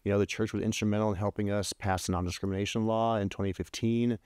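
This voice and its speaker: A man telling a story as a podcast guest in casual chat, animated, with many restarts, his voice jumping higher when he quotes himself. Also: fast talker, clear, resonant tone, no room sound, studio quality. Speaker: podcast guest, LGBT advocate.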